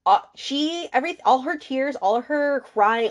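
A woman's voice: high voice, lively intonation, unhurried. Chatty, indignant woman recapping a book. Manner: chatty and emphatic, full of fillers and swearing. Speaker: book podcast host.

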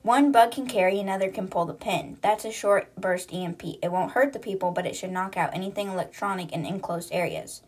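A woman voicing a steady, tactical man in a casual book recap, giving clipped, matter-of-fact orders. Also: mid-range voice, a little fast, hardly any pauses, husky, lightly acted.

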